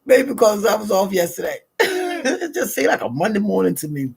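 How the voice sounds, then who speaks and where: A woman's voice: mid-range voice, very animated, a little fast, vocal fry, slightly rough. A middle-aged woman with a Southern US accent, chatting and telling stories in a drawling, laughing manner. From American South. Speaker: vlogger. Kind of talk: casual morning chat and storytelling.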